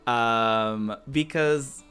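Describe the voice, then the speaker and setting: A man's voice: medium pitch, extremely slow, pushed and bright, clear, resonant tone, faint music behind. A man from the American South chatting casually on a game stream, rambling, restarting his sentences and answering his chat as he plays. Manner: talks back to viewer chat as he plays.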